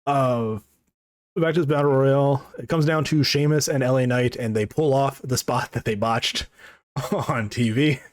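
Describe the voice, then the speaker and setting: A man's voice: medium pitch, normal speed, no room sound, studio quality. A man co-hosting a wrestling podcast, chatting casually with a lot of swearing and laughter. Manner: profane, laughing, rambling. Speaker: podcast co-host.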